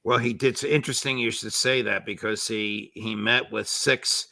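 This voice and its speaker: Older man, former judge, gravelly, bright tone, indignant, measured delivery. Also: fairly low pitch, fairly even intonation, no room sound. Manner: indignant, measured, sarcastic asides. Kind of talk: political commentary interview.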